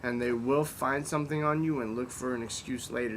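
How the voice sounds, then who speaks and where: A man hosting a casual podcast chat, telling stories in a blunt, profane, animated way. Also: brisk. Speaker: podcast host. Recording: faint rumble and background noise.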